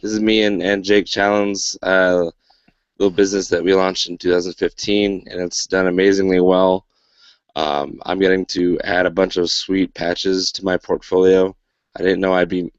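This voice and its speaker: Deep-voiced man hosting a casual podcast. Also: level tone, normal speed, no echo, muffled recording. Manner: rambling, filler-heavy, wry sarcasm. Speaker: podcast host.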